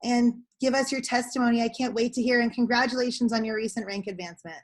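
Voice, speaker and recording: A woman's voice: on the high side, steady tone, fast. A woman moderating a group video call, inviting a guest to speak with encouraging words.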